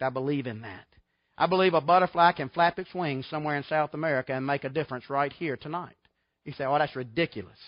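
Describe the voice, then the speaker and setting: A man's voice: sits high, no echo, muffled recording. A middle-aged man preaching a sermon in a folksy, emphatic way, full of rhetorical questions. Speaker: pastor.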